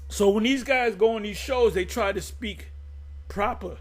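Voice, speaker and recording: A man giving a casual scripture teaching, reading word definitions aloud and talking straight to his listeners. He often stumbles and restarts his phrases, then turns loud and insistent when he makes a point. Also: high voice, moderate pace. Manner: frequent restarts, addresses listeners directly. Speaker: religious teacher.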